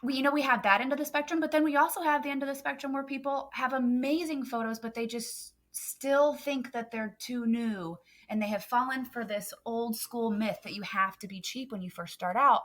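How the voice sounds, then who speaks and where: A woman's voice: a little high, normal speed, hardly any pauses, fairly bright tone. Earnest woman photographer, podcast guest. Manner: earnest and emphatic, many "um" fillers. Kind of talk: casual podcast chat.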